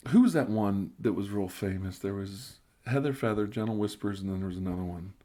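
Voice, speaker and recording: Low-voiced tipsy man rambling on a stream. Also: normal speed. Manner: rambling, stammering restarts, drifting into soft whispers. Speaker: ASMR live stream host. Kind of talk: casual live stream chat, reading viewer comments.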